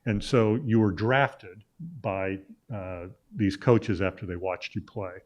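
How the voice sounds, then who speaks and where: The audio is dull, and the man's voice is fairly low, slow and darkish in tone. He's a middle-aged Illinois sports journalist guesting on a talk show, casually telling a long, rambling story with many "uh" fillers and restarts.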